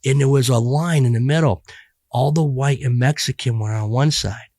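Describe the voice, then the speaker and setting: A man's voice: medium pitch, normal speed, warm tone, no echo, studio quality. A middle-aged man talking bluntly and profanely as a podcast guest, rambling with many restarts. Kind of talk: casual podcast conversation.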